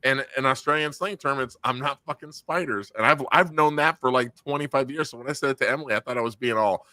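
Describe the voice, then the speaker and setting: A man's voice: medium pitch, quick pace, no room sound. A man hosting a podcast in casual chat, telling stories and swearing freely. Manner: animated, swears a lot, tells stories. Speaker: podcast host.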